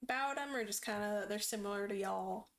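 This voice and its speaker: A woman's voice: mid-range voice, a little fast. A woman streamer chatting casually as she plays, rambling and hesitant with many ums.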